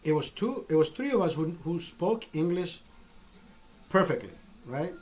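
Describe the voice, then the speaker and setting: Man, Honduran accent, casual storyteller, profane and animated, slightly high voice. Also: moderate pace, husky. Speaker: podcast host.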